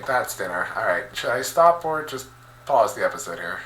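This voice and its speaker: A man hosting a let's play, reading a visual novel aloud and reacting with excitable, animated commentary. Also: fairly low pitch, moderate pace, reverberant, poor audio.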